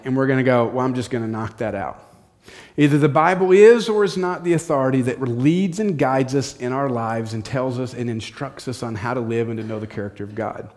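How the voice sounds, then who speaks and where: A man's voice: mid-range voice, darkish tone. A male pastor preaching a sermon in a direct, practical way, repeating short commands.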